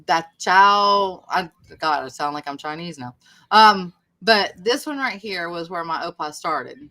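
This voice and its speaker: A woman's voice: lowish voice, lively intonation, normal speed, bright, forceful tone. A woman chatting casually on a livestream, rambling and poking fun at herself. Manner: rambling, chatty, self-deprecating. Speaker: livestream host.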